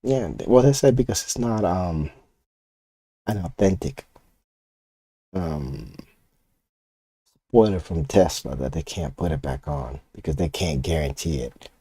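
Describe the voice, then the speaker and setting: Profane ranting older man, deep and mellow. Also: expressive, a little slow, pauses often, breathy edge, no echo. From Puerto Rico. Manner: ranting, profane, talks to chat. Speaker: comic artist. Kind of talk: casual rant while inking art.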